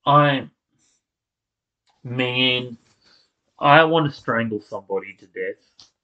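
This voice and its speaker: A man's voice: medium pitch, expressive, takes it slowly, sharp tone, lo-fi sound. A man angrily reacting to a video, swearing and cutting off his own words as he rants. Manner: furious, swearing, blurting, restarting words. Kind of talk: angry reaction rant.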